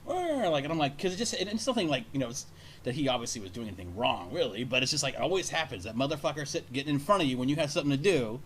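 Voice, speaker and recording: A man hosts a casual talk show, rattling off a rambling story at a quick clip and swearing freely. His pitch sits in an ordinary middle range, and a faint hum of ambience runs underneath. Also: animated, a bit bright. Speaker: radio show host.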